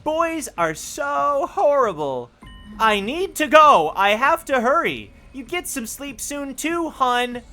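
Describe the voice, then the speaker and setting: A streamer voicing a creepy, detached girl who talks in a slow, lifeless monotone while reading game dialogue aloud. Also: high-pitched, soft background music, voice pushed up, full character voice.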